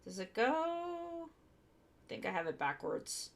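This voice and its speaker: A woman live streamer talks casually while she works with her hands, thinking aloud as she goes. Her pitch swings up and down with animation. She keeps an unhurried, drawn-out pace. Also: very animated. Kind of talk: casual live-stream chat while building a model kit.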